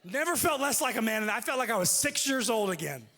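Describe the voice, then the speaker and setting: A man preaching a sermon, telling a personal story with lively delivery and acting out what people said. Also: extremely high pitch, quick pace. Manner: animated, acts out quoted speech. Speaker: pastor. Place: church auditorium. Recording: long hall reverb.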